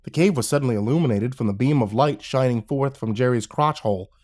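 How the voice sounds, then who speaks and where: A man narrating a horror story in an expressive, wry and dramatic way. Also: medium pitch, quick pace.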